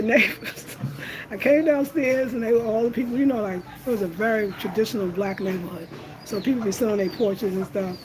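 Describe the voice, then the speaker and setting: A woman's voice: mid-range voice, background noise. Chatty middle-aged woman telling stories. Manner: animated storyteller, laughs often, addresses viewers as y'all. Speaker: host of a home design channel. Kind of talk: casual livestream chat.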